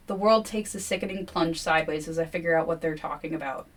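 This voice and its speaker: A woman's voice: low voice, quick pace, few pauses. A woman hosting a podcast, recapping a book with sarcastic asides and swearing. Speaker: podcast host. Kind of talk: casual book discussion.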